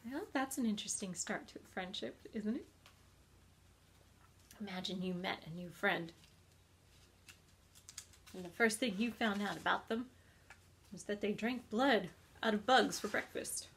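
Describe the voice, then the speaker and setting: A woman reading a children's novel aloud as a teacher, with expressive storytelling and friendly commentary. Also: medium pitch, unhurried, long pauses, a little hiss or hum.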